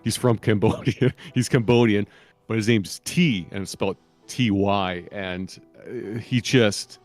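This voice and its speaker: A man's voice: fairly low pitch, measured pace. A man chatting casually on a live stream, rambling and joking and laughing often. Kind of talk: casual chat.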